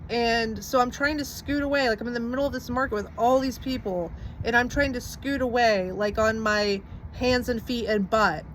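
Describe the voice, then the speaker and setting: Young woman vlogging her story, kinda high voice, says like a lot, swears some. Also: steady tone, normal speed, few pauses, slight background noise. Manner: rambling, lots of "like" and restarts, swearing. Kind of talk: casual personal storytelling.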